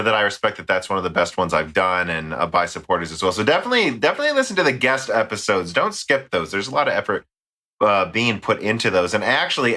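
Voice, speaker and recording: A man's voice: on the low side, pushed and bright. An American man hosting a casual tech podcast, rambling and joking as he reads listener mail. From United States. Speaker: podcast host.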